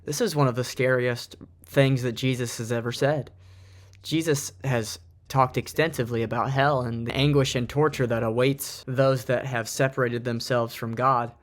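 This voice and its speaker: A man's voice: mid-range voice, fairly even intonation, normal speed. A man giving an earnest, reflective Bible teaching, reading and explaining from his notes. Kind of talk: informal Bible study talk.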